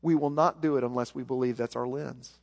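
A man's voice: medium pitch, steady tone, brisk, gravelly, darkish tone. A man with a Southern American accent preaching a sermon as pastor, earnest, repeating words as he builds a point. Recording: long hall reverb.

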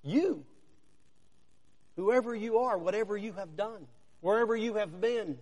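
A man with a high voice preaches slowly and deliberately, leaning on single words and letting long pauses hang between phrases. He presses the listener with rhetorical questions. His voice rings through a large sanctuary with a long reverb tail. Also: darkish tone. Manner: deliberate, with dramatic pauses and swells of emphasis. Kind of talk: sermon.

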